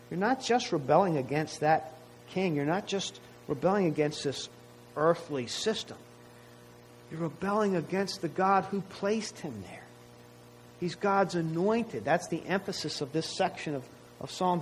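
A man's voice: fairly high pitch, a little hiss or hum, low-quality recording. A man preaching a sermon to his congregation in a conversational way, often asking rhetorical questions. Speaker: pastor.

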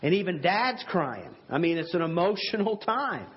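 Husky-voiced man preaching earnestly. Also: sits high, big pitch swings, normal speed, dull audio. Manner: earnest, conversational preaching with rhetorical asides. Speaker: pastor. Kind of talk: sermon.

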